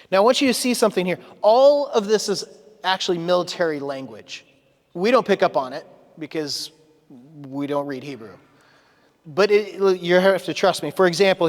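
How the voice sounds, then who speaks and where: A man with a notably high voice preaches in a church sanctuary. He keeps it conversational but leans into dramatic readings of scripture. His words trail into a long reverb from the hall. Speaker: pastor. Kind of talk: sermon.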